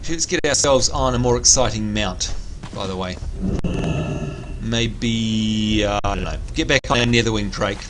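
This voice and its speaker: A man livestreaming a video game, chatting casually, reading out viewer messages and giving shout-outs, with excitable bursts while he plays. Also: lowish voice, unhurried, heavy background noise.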